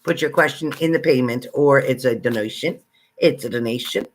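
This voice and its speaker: A man hosting a casual livestream, chatting with viewers and greeting them by name, excitable and exclamatory. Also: mid-range voice, moderate pace. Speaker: livestream psychic reader. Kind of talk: casual live chat with viewers.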